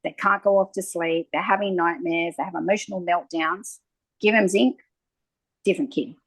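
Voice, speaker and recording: In a conversational interview, a female naturopath guest speaks at length at a normal speed, her voice fairly low. She is an animated storyteller who acts out the small exchanges in her anecdotes. There's no echo, though the recording quality is low.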